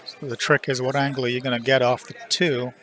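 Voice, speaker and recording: A man with a bright, forceful voice calls a pool match live from a headset in the commentary booth. He jokes between shots and gives blunt opinions on the table layout. Faint music sits behind him. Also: mid-range voice, little pitch movement, fairly quick. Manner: joking, opinionated about shots.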